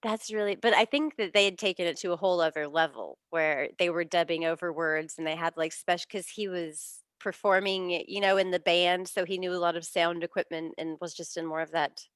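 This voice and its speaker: A woman hosting a casual chat with a friend, bubbly and gushing, her pitch leaping when she gets excited. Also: brisk, few pauses, clear, resonant tone, no room sound, studio quality. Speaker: podcast host.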